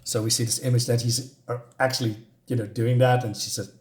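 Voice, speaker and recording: A man's voice: mid-range voice, level tone, fairly quick, a little mellow. A man casually reviewing a comic book on his channel, talking in a loose, hesitant, rambling way as he recaps the story.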